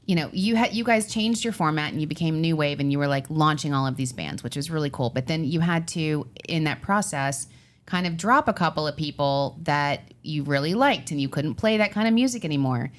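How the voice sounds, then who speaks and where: A woman co-hosts a casual podcast and questions her guest with chatty curiosity. Her voice sits on the low side for a woman. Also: a little fast. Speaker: podcast co-host. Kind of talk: casual interview chat.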